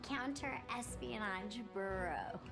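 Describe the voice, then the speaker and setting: A woman's voice: medium pitch, takes it slowly, creaky, music in the background. A drunk woman retelling history in a giggly, crude, rambling way. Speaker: storyteller.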